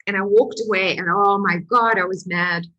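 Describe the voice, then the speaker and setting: A woman who is a healing coach, telling her own story in an emotional, animated way with laughs. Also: medium pitch, moderate pace, muffled recording. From Portugal. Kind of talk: personal testimony to camera.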